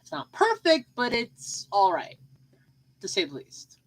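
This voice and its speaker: A woman's voice: on the high side, wildly swooping pitch, a little slow, low-quality recording. A woman hosting a solo podcast in a casual, rambling way, full of fillers and repeated phrases, and sleepy. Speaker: podcast host.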